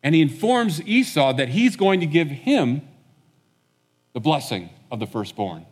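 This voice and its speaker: A man preaching a sermon, retelling a story in a relaxed conversational way and acting out the characters' lines. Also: a little high, a little slow, in a large hall. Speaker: pastor.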